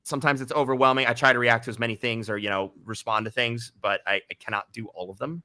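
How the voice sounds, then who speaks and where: Man, interview guest, halting casual talk, bright tense voice, dry sound. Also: mid-range voice, steady tone, no echo. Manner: hesitant, many fillers and restarts. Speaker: guest author.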